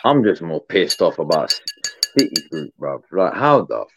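A man's voice: extremely low pitch, sing-song, normal speed, slight background noise. A man chatting casually as co-host, slangy, rambling and swearing freely. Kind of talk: casual chat.

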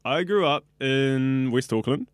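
A young New Zealand man in his early twenties talks in a loose, rambling way, piling up fillers as he answers interview questions. His voice sits at an ordinary pitch, and the recording is dry and close. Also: lively intonation, a little slow, clean tone, no room sound. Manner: chatty, rambling, says like a lot. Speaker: radio student. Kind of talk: casual interview.

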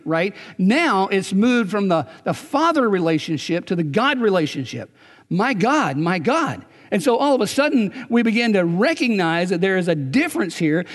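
A male pastor preaching a sermon earnestly, often checking in with his listeners by asking "right?". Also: high-pitched. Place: church sanctuary. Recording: long church reverb.

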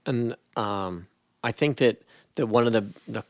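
Gravelly podcast host in a dry room. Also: male voice, on the low side, no echo. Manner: relaxed, halting questions with many restarts. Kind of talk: casual podcast interview.

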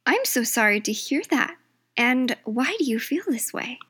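A woman hosting a comedy cat call-in radio skit, with a cheery, brisk mock-broadcaster manner. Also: sits high, sing-song, a bit bright, slightly rough. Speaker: host.

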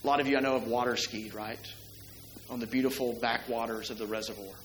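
A man's voice: mid-range voice, fairly even intonation, quick pace, a bit bright, roomy sound, a little hiss or hum, rough recording. A middle-aged man preaching a sermon to his congregation in a church, talking conversationally and asking the listeners many rhetorical questions. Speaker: pastor. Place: church sanctuary.

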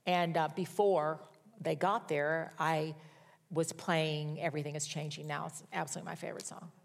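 A woman's voice: low-pitched, level tone, moderate pace, gravelly. An older woman preaching a sermon in a conversational, folksy storytelling manner with wry humor. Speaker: pastor.

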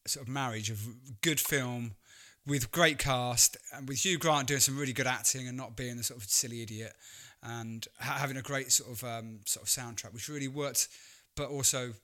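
A podcast co-host with a bright, forward voice. He chats about music playfully, getting animated and jokey as he talks. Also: mid-range voice, normal speed. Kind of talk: casual music chat.

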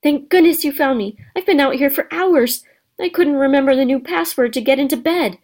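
A woman's voice: high-pitched, a little fast, darkish tone, pitched above the performer's own voice, natural voice. Woman voicing a nervous pleading schoolboy. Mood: anxious pleading. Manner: pleading, fretful. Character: nervous clumsy young schoolboy, anxious.

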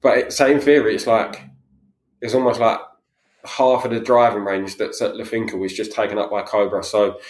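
A man's voice: fairly low pitch, flat delivery, normal speed, roomy sound. A man chatting casually as a podcast co-host, telling stories with many fillers and restarts. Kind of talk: casual chat.

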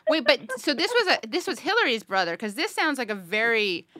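A woman's voice: on the high side, sing-song, fairly quick, pushed and bright, no room sound. A woman hosting a casual podcast interview, asking teasing, joking questions. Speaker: podcast host.

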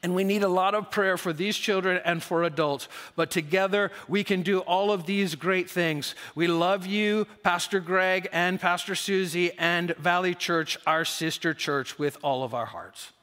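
A man's voice: high voice, measured pace, hardly any pauses, fairly bright tone. A man reading out a letter in a put-on Russian accent, voicing an earnest, grateful foreign pastor. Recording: long hall reverb.

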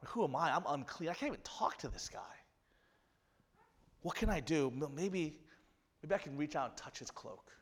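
A man voicing a desperate, fearful woman who speaks in a hushed, half-whispered way while telling a sermon story. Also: sits high, fairly quick, big-room sound. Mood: pleading.

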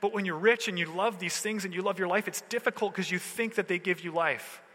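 A man preaching in a relaxed, chatty way, mixing slang into his sermon. His voice is fairly high and very bright and forceful. It rings out with a long hall reverb. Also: brisk. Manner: casual, conversational preaching with slang. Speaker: pastor.

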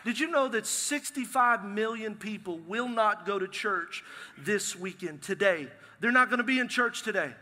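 A middle-aged male pastor, preaching a lively, joking sermon in a large church. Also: high-pitched, normal speed. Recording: long hall reverb from a live sanctuary.

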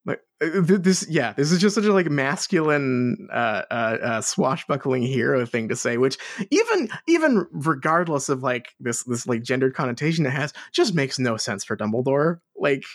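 Casting: male podcast co-host, lively swooping pitch, loose and profane, laughs often. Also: normal speed, few pauses, no echo, studio quality. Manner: animated, swearing, laughing. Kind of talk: casual chat.

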